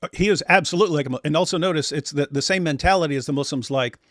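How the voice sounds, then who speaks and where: A man's voice: on the high side, very fast, no room sound. Sarcastic man commenting, dry sound. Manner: sarcastic, mocks by mimicking. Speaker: commentator reacting to clips. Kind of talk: casual reaction commentary.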